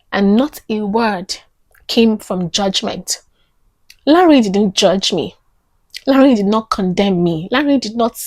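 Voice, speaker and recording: A woman's voice: medium pitch, darkish tone, dry recording. Earnest woman telling her story. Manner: earnest, repeats phrases for emphasis. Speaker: vlog host telling a personal story. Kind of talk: emotional personal storytelling.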